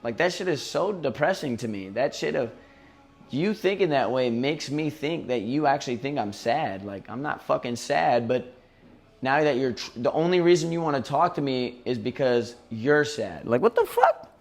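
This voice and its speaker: A man's voice: medium pitch, animated, normal speed, soft background music. A man streaming live, ranting casually and profanely, often mimicking others in mocking voices. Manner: profane, heated venting.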